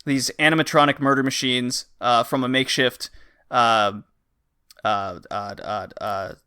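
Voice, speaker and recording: A man's voice: medium pitch, fairly even intonation, a little slow, bright, forceful tone, clear, resonant tone. A man hosting a casual game podcast, rambling with many fillers as he reviews recent releases. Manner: rambling, frequent uh and um, acts out game lines. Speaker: podcast host.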